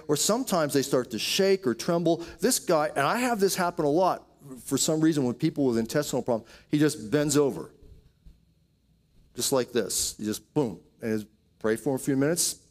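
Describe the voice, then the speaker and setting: A man's voice: on the high side, a little mellow. A man preaching a sermon, telling healing stories in a storytelling way with quoted asides. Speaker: pastor. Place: church auditorium.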